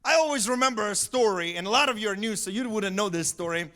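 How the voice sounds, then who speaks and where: A male pastor preaching in a church, his voice sitting high and ringing bright. He tells a story in an animated way, bursting into shouts for emphasis and laughing often as he goes. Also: quick pace. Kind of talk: storytelling sermon. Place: church sanctuary.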